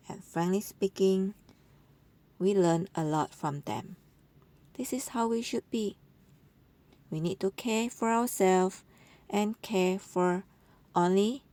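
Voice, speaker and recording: A woman's voice: lowish voice, a little mellow, dry recording. A woman narrating a voice-over for an animal compilation, gushing and cooing over how cute the animals are. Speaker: channel narrator.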